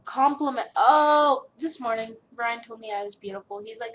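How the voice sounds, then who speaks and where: A woman's voice: fairly high pitch, normal speed, few pauses, lo-fi sound, a little hiss or hum. A seventeen-year-old girl, answering viewer questions in a casual vlog, blunt and swearing freely, acting out what people say in little put-on voices. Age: teens.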